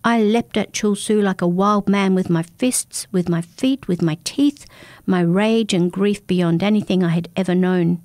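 Calm, mellow woman storyteller. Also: mid-range voice, measured pace, no room sound. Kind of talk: first-person story narration.

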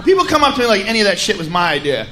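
Loud profane stand-up comic, high voice. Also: male voice, sing-song, very fast. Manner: loud, profane, rowdy delivery. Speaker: stand-up comedian. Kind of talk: live stand-up routine. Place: comedy venue stage before a live audience. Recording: live show recording with crowd noise.

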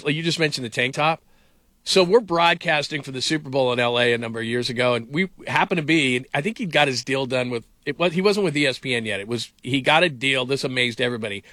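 A man's voice: medium pitch, fast, sharp tone, dry recording, clean studio sound. A middle-aged man hosting a sports talk radio show, rambling through stories with lots of fillers. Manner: rambling storyteller, heavy on fillers.

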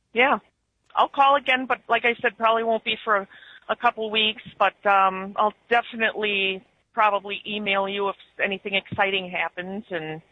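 A woman's voice: mid-range voice, dry recording. A rambling, talkative woman with a broad Upper Midwest accent, calling in to a radio show. Her line sounds dull and muffled, and it's dry, with no room around her. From Wisconsin. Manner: chatty, rambling with restarts. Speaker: caller. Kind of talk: casual call-in chat.

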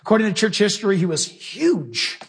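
A man preaching in a husky, fairly high voice. He leans on single words for emphasis and keeps turning to his listeners with questions. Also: big pitch swings, moderate pace. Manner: emphatic, with rhetorical questions to the audience. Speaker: pastor. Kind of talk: sermon.

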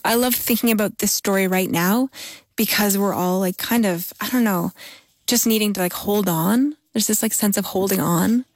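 A woman's voice: mid-range voice, normal speed, dry recording, clean studio sound. A woman hosting and narrating, talking in an eager, chatty way with many fillers. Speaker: host. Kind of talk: podcast narration and interview. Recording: music bed behind voice.

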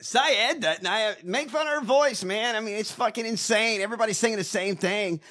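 A man's voice: sits high, sharp tone. A man co-hosting a podcast, ranting in crude, mocking political banter. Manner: crude, mocking, rapid rants. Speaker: podcast co-host.

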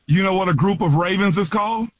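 Animated slangy man on sports radio. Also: high voice, fast, dry recording, muffled recording. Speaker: radio sports talk co-host. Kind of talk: casual studio banter. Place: radio studio.

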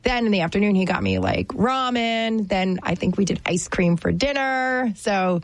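A woman from New Jersey co-hosting a casual chat, talking in a chatty, animated way full of fillers. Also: mid-range voice, normal speed, no echo.

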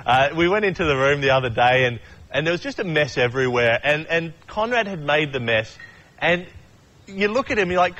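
A man's voice: fairly high pitch, animated, fairly quick, pushed and bright, muffled recording. A man giving a casual sermon, chatty and joking, acting out quotes and often restarting his sentences. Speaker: preacher.

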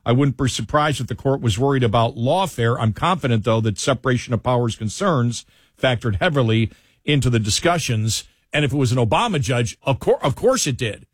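A man with a medium-pitched, expressive voice and a breathy edge speaks briskly, recorded cleanly in a radio studio with headphones and a mic and no room sound. Hosting a talk radio show, he banters casually with his co-host, then reads a newspaper column aloud, rambling and frequently restarting.

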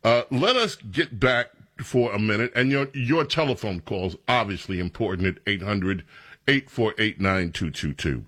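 A man's voice: on the low side, moderate pace, bright, forceful tone. A man hosting a talk radio show, rambling in a conversational way. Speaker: radio host.

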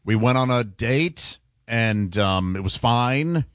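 A man co-hosting a radio show in a studio, telling a self-deprecating dating story with halting restarts. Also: mid-range voice, lively intonation, dry recording. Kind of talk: casual radio banter, storytelling. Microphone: studio microphone.

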